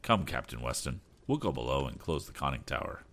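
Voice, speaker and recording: A man voicing the hero's father, a stern older inventor who speaks in a measured, firm way. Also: extremely low pitch, sing-song, fairly bright tone, pitched below the performer's own voice, exaggerated voice.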